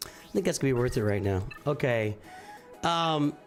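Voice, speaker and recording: A man's voice: mid-range voice, animated, moderate pace, soft background music. A middle-aged man hosting a casual morning live stream, rambling and often restarting his sentences as he thinks aloud. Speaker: streamer and channel host.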